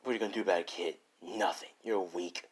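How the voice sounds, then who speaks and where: A man's voice: low-pitched, steady tone, quick pace, breathy edge. A man voicing a cruel, mocking grown male thug in a spoken fan story, taunting and sneering.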